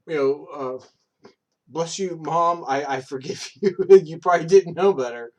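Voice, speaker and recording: A man's voice: a little high, measured pace, a little mellow. Male streamer in his thirties, loose rambling chat full of fillers and cursing. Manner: rambling, filler-heavy, profane storytelling. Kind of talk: casual chat.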